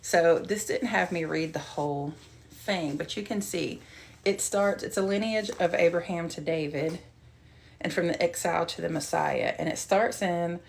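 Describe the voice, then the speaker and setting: Gravelly woman leading Bible study. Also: lowish voice. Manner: chatty and rambling, with many fillers. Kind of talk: casual Bible study and personal testimony. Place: at home, with a cat nearby.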